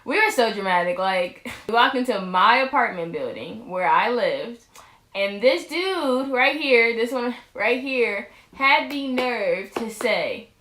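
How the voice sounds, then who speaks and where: A woman's voice: on the high side, expressive, slow pace, pushed and bright. A young woman, a vlog co-host, rambling casually through a storytime with lots of restarts. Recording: roomy echo.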